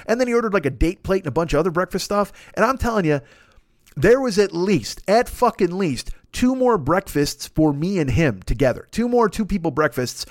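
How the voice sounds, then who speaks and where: A man's voice: fairly high pitch, dry recording, studio quality. A man telling a profane, comic story in a monologue and acting out the voices of the people in it. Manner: profane, animated, acts out voices in his stories. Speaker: podcast host.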